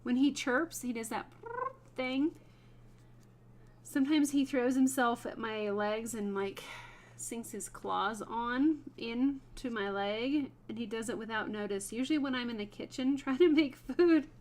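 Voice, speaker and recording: A woman with a slightly high voice hosts a relaxed craft livestream. She chats easily with her viewers while she works, greeting them by name and laughing often. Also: unhurried. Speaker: host of a wood burning livestream. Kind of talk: casual livestream chat while working.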